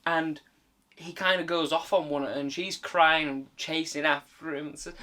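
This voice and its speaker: A man's voice: fairly high pitch, steady tone, normal speed, pushed and bright. A British man giving a casual, exasperated film rant, full of swearing and filler words. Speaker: film reviewer. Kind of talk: casual ranting commentary.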